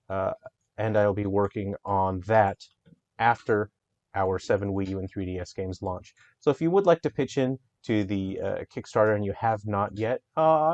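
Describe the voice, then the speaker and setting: Male indie game developer, low voice, earnest and plain-spoken, on a muffled lo-fi recording. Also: a little mellow. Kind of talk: casual video update.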